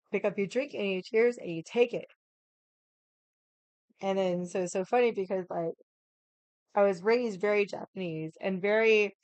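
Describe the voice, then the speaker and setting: A young woman chats on her livestream in a lively, animated way, laughing often and swearing now and then. Her voice is smooth and clear, and the sound is dry and close, with no room around it. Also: medium pitch, dry recording. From United States. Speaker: livestream host. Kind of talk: casual chat.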